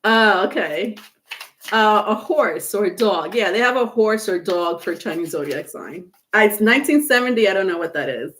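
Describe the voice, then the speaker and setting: A woman's voice: medium pitch, lively intonation, normal speed, a bit bright. A woman reads tarot on a casual live stream and talks right to her viewers. She is frank and chatty, and she drops curse words without a second thought. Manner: chatty and blunt, curses freely, laughs often. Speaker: tarot reader.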